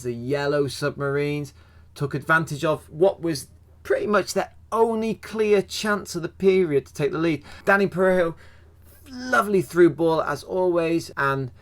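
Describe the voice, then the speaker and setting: Chatty man reviewing a football match. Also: a little high. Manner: chatty, self-deprecating, asks himself questions. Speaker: football fan channel host.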